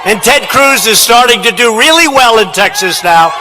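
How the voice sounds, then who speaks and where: A man giving a campaign rally speech in a large indoor hall, shouting with emphatic, repetitive phrasing into a podium microphone. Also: very high voice, lively intonation, moderate pace, crowd noise, noisy background. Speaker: politician at a rally.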